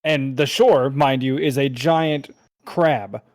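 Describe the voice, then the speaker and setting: A man's voice: medium pitch, steady tone, takes it slowly, a little mellow, dry recording, close to an everyday voice. A man doing a grumbling dwarf fisherman. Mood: sardonic. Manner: curses, grumbles, dry sarcasm. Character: grumpy male dwarf fisherman, gruff, swearing.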